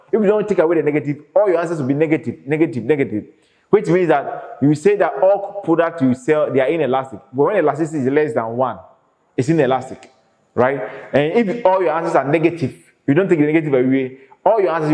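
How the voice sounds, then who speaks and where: A man's voice: fairly high pitch, a little mellow. A man teaching an economics lesson in an emphatic way, asking the class questions and then answering them himself. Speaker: economics lecturer. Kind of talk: classroom lecture. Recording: echoey reverberant room.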